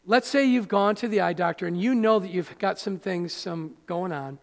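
A man preaching a sermon as pastor in a church, animated and acting out little scenes. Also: sits high, normal speed, creaky. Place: church sanctuary. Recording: church hall reverb.

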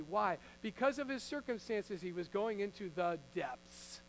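High-voiced pastor man preaching to his church, earnest and chatty, slight hum in the background. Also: lively intonation, unhurried, creaky, few pauses, rough recording. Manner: earnest, conversational, acts out Bible figures. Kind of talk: sermon. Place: church before a congregation.

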